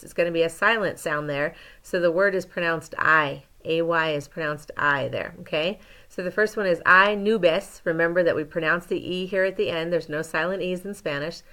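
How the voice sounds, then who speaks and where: A woman teaching a recorded lesson, modelling words slowly and clearly and pausing for learners to repeat. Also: on the low side, fairly bright tone. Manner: slow, clear pronunciation drills with pauses. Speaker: Spanish teacher.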